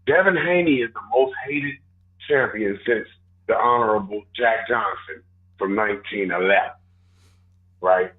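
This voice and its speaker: A man co-hosting casual sports talk, joking and exaggerating in an animated way. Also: fairly low pitch, measured pace, narrow, tinny audio. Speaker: co-host.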